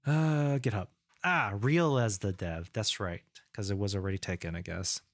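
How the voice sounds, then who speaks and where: Low-voiced man thinking aloud. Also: moderate pace, no echo, clean studio sound. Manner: thinks aloud, relaxed and rambling. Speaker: game developer streamer. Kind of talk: casual live-coding stream.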